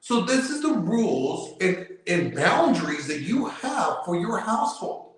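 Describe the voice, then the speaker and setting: A man's voice: sits high, very animated, measured pace. Guy arguing his point on a live chat show, keeps repeating himself, big echo on his mic. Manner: emphatic, repeats himself, lectures. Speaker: guest. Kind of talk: casual debate on a live show. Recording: very echoey room.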